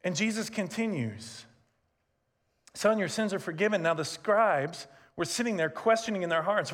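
A man preaching a sermon, telling a story in an animated way with humorous asides. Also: high voice, normal speed. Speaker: pastor. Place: church sanctuary, also streamed.

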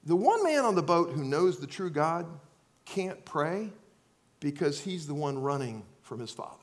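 Animated high-voiced male preacher. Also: a little slow. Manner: animated, swings between loud acted outbursts and quiet earnest asides. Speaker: pastor. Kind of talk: sermon.

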